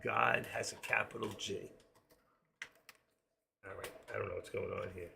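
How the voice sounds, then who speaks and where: A man's voice: fairly low pitch, fairly even intonation, moderate pace, vocal fry, noisy background. An older man with a New York accent and a trace of Florida, chatting casually with viewers while hosting a live trading stream from home.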